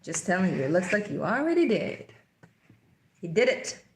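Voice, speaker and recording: Excitable woman reading tarot, echoey room. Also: mid-range voice, moderate pace, a little hiss or hum. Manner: excited, laughs often, addresses viewers as sweethearts. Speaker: tarot reader. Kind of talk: casual tarot reading to camera.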